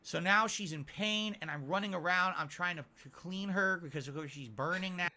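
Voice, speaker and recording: Man, earnest rambling storyteller, slightly high bright voice. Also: fairly quick. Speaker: streamer in a played clip. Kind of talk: casual storytelling.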